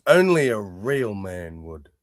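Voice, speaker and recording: A man's voice: on the low side, big pitch swings, takes it slowly, dry recording, studio quality. A man co-hosting a casual chat, joking and reacting to clips. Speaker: co-host. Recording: noisy background with clicks.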